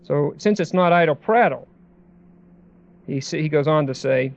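A man preaching a Bible sermon in a conversational way, with many pauses and restarts, as a pastor. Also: fairly high pitch, gravelly, darkish tone, highs cut off.

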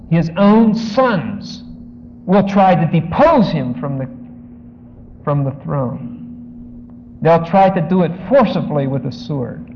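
A man preaching a sermon, reading scripture aloud and breaking in with emphatic asides, his voice rising sharply on key points. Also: a little high. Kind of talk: sermon, expository Bible teaching. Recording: dull lo-fi audio in a large echoing hall.

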